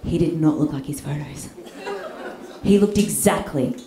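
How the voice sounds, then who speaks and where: A young Australian woman telling a comic story on stage, animated and swearing, often asking the crowd "right?". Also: low voice, normal speed. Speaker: stand-up comedian. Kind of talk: live stand-up storytelling. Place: live comedy stage with audience. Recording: echoey live room with noise.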